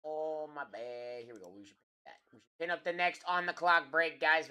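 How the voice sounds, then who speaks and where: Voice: medium pitch, normal speed, sharp tone, smooth. A card break host chatting casually with live stream viewers and talking to them directly.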